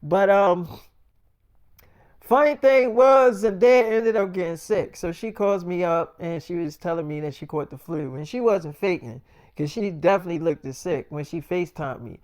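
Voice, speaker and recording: A man's voice: high-pitched, moderate pace, darkish tone, smooth, dry recording. A man telling a personal story in a loose, profane, conversational way. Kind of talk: casual storytime monologue.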